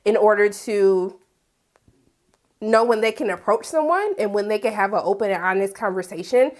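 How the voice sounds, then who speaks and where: A woman talking casually as she recaps a TV episode, animated and sassy, with big incredulous jumps in pitch and asides like "honey.". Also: moderate pace. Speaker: TV recap vlogger. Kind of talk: casual chat.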